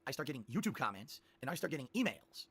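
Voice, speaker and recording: A man telling a long rambling story to his stream viewers, animated and repeating himself. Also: medium pitch, fast talker, slightly rough, dry recording.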